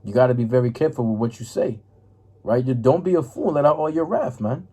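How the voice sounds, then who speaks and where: A man's voice: mid-range voice, fairly quick, dark tone, breathy edge. A man giving an informal scripture lesson, reading verses and explaining them in a casual, repetitive way, often checking in with "right?" and "man". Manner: casual, repeats "right?" and "man", stumbles while finding verses. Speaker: religious teacher.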